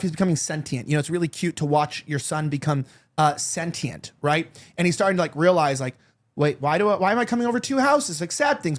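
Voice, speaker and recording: A man in his thirties hosting a talk show, chatting candidly and rambling with lots of fillers and restarts. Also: high voice. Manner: candid, confiding tone. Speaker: show host. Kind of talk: casual chat.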